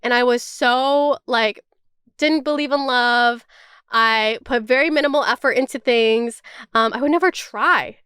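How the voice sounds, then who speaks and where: Twenty-something girl chatting to camera, says like a lot, swears, high clear voice. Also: unhurried, pushed and bright, no room sound, studio quality. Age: 20s. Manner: chatty, swears freely, heavy use of "like". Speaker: vlogger. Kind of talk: casual chat.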